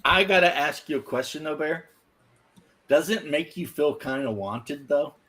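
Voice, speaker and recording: Bright, slightly husky American man; teasing, provocative podcast chatter. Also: fairly high pitch, expressive, normal speed. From United States. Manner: teasing, laughs often, mock-provocative. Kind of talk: casual podcast banter.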